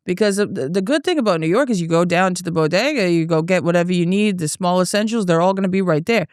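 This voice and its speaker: A lowish-voiced young woman with a Boston accent, from the Boston area, hosts a solo comedy podcast in studio quality with no room sound. Beer in hand, she delivers a casual rant of foul-mouthed, rambling, tipsy stories full of restarts.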